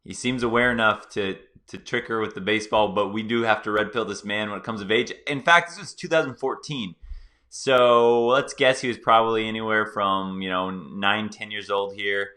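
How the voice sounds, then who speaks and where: A male host giving excited, playful reaction commentary on a clip, talking straight to his viewers. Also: on the low side, normal speed.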